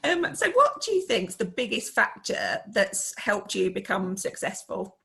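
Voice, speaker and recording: A woman's voice: medium pitch, big pitch swings, unhurried, gravelly, a bit bright. A woman hosting a conversational interview, encouraging and talking with many fillers. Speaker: interviewer, host.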